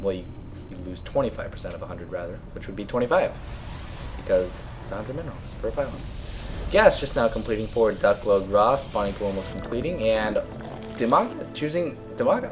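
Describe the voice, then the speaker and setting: A young male esports caster whose throat is sore, so his low voice comes out raspy and hoarse. He talks in a laid-back, conversational way, clearing his throat now and then. Faint music plays behind him. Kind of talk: relaxed game commentary.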